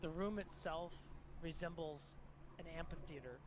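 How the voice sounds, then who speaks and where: A man's voice: on the high side, normal speed. Man narrating a tabletop game over noise. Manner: descriptive, hesitant restarts. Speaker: game master. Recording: noisy background hiss.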